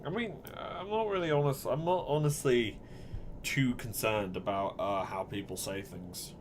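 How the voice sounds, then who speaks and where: Slow-talking young gamer. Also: male voice, medium pitch, slight background noise. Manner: joking, swears freely, talks to viewers. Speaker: gameplay streamer. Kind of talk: casual gaming commentary.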